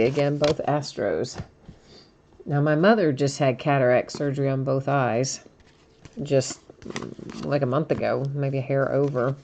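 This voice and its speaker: A woman's voice: sits low, warm tone. A middle-aged woman hosting a live card break stream, chatting casually with viewers and reading out cards as she goes. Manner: chatty, laughs at herself, reads out cards.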